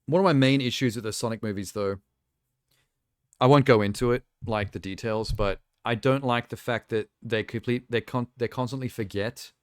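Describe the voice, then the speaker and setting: A man's voice: mid-range voice, clean tone, no room sound, studio quality. A man streaming live, chatting casually as he reacts to videos and rants with exasperated critique.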